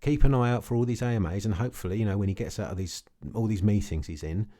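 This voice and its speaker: Blunt man, low mellow voice. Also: quick pace. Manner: blunt, repetitive, says okay often. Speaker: crypto vlogger. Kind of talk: casual to-camera rant.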